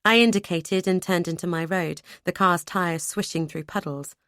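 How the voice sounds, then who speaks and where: A woman narrating a first-person audiobook in a measured way, with lively dialogue. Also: on the low side, dry recording, clean studio sound.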